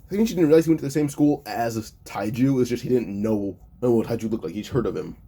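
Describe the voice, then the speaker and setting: A man's voice: medium pitch, fast talker, dark tone, breathy edge. A man casually narrating a fan-made story in a loose, stumbling way, often correcting himself mid-sentence.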